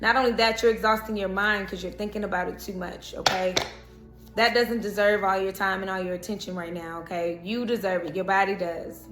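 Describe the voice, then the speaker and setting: A woman's voice: medium pitch, fairly even intonation, brisk, fairly bright tone. A woman giving a casual tarot horoscope reading, talking straight to the viewer with emphatic repeats and coaxing "okay?" asides. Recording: echoey room with faint background music.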